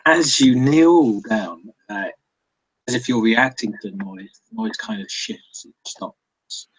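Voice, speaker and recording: Halting, husky-voiced game master man. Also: mid-range voice, sing-song, poor audio. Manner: halting, many restarts and fillers. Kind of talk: narrating a tabletop game.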